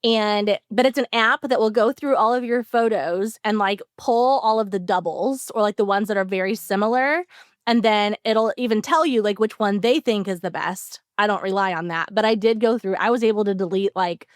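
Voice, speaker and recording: A woman co-hosting a podcast, telling an animated story in casual chat with lots of "like" fillers. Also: mid-range voice, moderate pace, no echo, clean studio sound. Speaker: podcast co-host.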